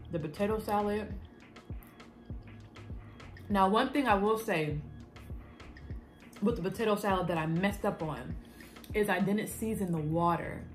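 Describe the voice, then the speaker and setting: A woman vlogging as she tastes her own cooking, animated and quick to laugh, with casual swearing and a Black way of talking. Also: mid-range voice. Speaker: food vlogger. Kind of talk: casual cooking vlog chat.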